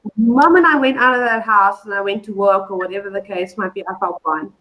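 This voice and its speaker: A woman chats as a guest on a live show, recounting a story in a casual, meandering way. Her voice sits at a middle pitch for a woman. She loops back with fillers and restarts as she goes. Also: brisk, fairly bright tone, low-quality recording. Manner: rambling, with many fillers and restarts.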